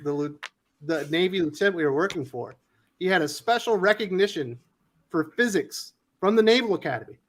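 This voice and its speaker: Male host, animated storyteller, high and very lively delivery for a casual panel show. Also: a little fast. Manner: animated storyteller, swears, acts out quotes loudly. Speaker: host of a comics news livestream.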